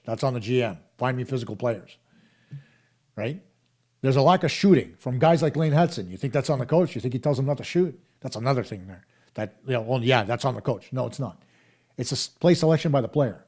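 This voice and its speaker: A middle-aged man hosting a live hockey talk stream argues his points emphatically, speaking straight to his viewers. His voice is medium-pitched with a warm tone.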